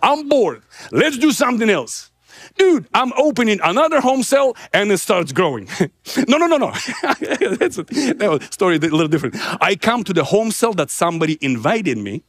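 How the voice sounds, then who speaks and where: Brief: male preacher, high and very expressive, husky, dry close sound, animated testimony. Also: brisk. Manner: animated, laughing, acts out dialogue. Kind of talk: sermon testimony storytelling.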